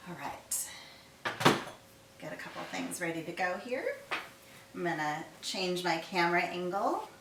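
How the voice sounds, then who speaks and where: A middle-aged woman chef chats through a casual cooking video at home, talking herself through each step. Her voice is on the low side and sing-song, at a measured pace. The recording is very noisy and distant in an echoey kitchen, with dishes clattering and cutlery, pots and pans clinking.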